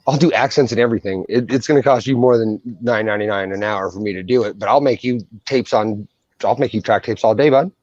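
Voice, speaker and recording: A man's voice: lowish voice, fast talker, a little mellow, no echo, muffled recording. Brash, profane man chatting. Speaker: coin channel co-host. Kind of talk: casual livestream chat.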